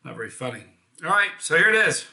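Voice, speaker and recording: A man's voice: fairly high pitch, big pitch swings, fast, vocal fry, bright, forceful tone, roomy sound, slight background noise. A man from the United States hosting a casual live hot sauce review, chatty and enthusiastic, with self-deprecating jokes.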